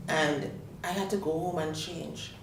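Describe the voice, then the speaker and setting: A woman's voice: deep voice, unhurried, vocal fry. Woman, roomy distant mic. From Tobago. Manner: animated, acts out the voices of others in her story. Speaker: guest. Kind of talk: personal storytelling on a talk show. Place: studio. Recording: roomy sound from a distant mic, faint noise.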